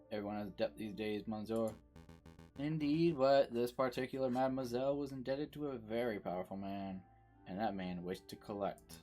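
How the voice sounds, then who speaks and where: A man's voice: medium pitch, darkish tone, natural voice. A man voicing a theatrical male bird prisoner who talks in a flowery, storytelling way. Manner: flowery, storytelling, French-flavoured address.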